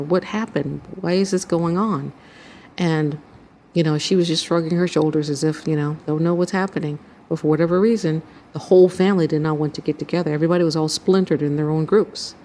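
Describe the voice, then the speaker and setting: Low-voiced woman telling her dream. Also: dark tone, slight background noise. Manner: earnest storytelling, acts out quoted voices. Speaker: channel host recounting a dream. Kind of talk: personal spiritual testimony.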